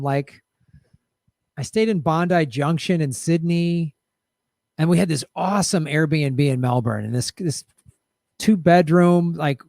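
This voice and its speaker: A man's voice: on the high side, darkish tone, no room sound, studio quality. A middle-aged man hosting a casual live stream, talking loosely and upbeat, with many fillers, while losing his voice. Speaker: host.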